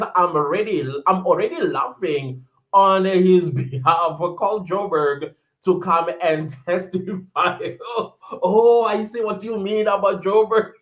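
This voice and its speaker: Casual South African male streamer, raised pitch, reads out the chat and reacts, dull lo-fi mic. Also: a bit bright. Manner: chatty, reads viewer chats aloud and reacts. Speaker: live-stream commentator. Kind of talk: casual live-stream commentary.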